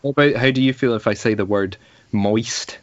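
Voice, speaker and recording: A man co-hosting a podcast, chatting casually with wry, deadpan teasing. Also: medium pitch, very fast, dry recording, muffled recording. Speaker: podcast co-host. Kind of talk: casual chat.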